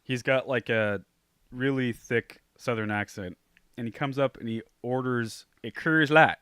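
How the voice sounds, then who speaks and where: A man chatting casually on a podcast, cursing freely and telling stories with animated voices. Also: medium pitch, measured pace, smooth, no echo, studio quality. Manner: profane, animated storyteller. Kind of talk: casual chat.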